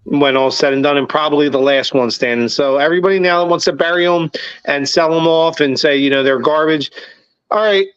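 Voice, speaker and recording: A fired-up man co-hosting a sports podcast, swearing freely as he rants with a somewhat high voice. The recording sounds dull and lo-fi. His delivery is emphatic and blunt. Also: brisk, clear, resonant tone, dry recording. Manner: profane, emphatic, rising to near-shouting rants. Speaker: podcast co-host. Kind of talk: casual sports talk.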